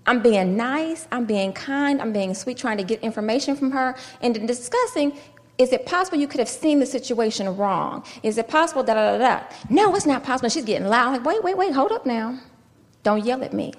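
A woman pastor teaching a sermon with lively storytelling and acted-out dialogue. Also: fairly high pitch, a little fast, long reverb tail.

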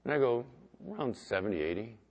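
A man preaching as pastor, talking conversationally and swinging between loud emphasis and quiet asides. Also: medium pitch, lively intonation, a little fast. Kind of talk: sermon.

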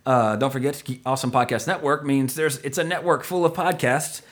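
Male podcast host, casual, rambling, joking, mid pitch. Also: a little fast. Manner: rambling, joking, self-correcting.

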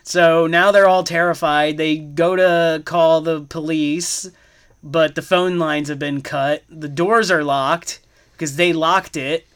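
A man's voice: fairly high pitch, fairly even intonation, slow, a bit bright, clean tone. A young man co-hosting a casual podcast, retelling a movie plot with lots of filler words. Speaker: podcast co-host recapping a movie.

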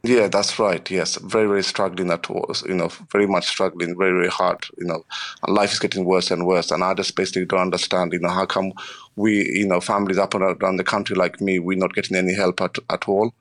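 A middle-aged working father in a radio interview, emotional and strained, speaking haltingly with many repeated words and "you know" fillers. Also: low-pitched, level tone, fairly bright tone.

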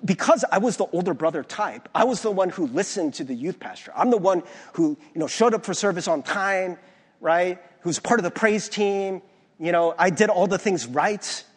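A man's voice: high voice, breathy edge. A young adult man, a pastor, telling personal stories in a conversational sermon with many restarts. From United States. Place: church sanctuary. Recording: long hall reverb from a church.

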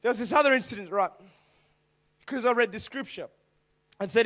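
Aussie guy preaching to youth, really high voice, animated, does the voices, yells sometimes. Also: a little fast, pauses often. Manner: animated, acts out voices, bursts into shouting. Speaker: youth speaker. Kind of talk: storytelling youth sermon.

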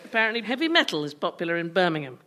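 A woman's voice: fairly low pitch, very animated, rapid-fire. A woman hosting a radio comedy panel quiz, firing off dry quips and laughing at her own jokes. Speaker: quiz show host. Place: radio studio with live audience. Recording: loud hiss and audience.

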